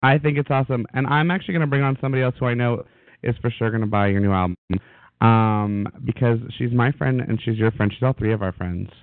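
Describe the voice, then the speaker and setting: A man hosting a casual interview, eager and quick to agree. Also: mid-range voice, dry recording. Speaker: host. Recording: tinny dry phone-like audio.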